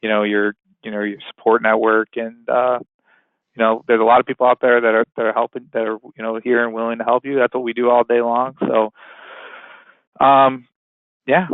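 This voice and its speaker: A man hosting a webinar in a casual, rambling way, filling pauses with "you know". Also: medium pitch, flat delivery, dry recording. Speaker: webinar host. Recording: tinny phone-line sound, dry.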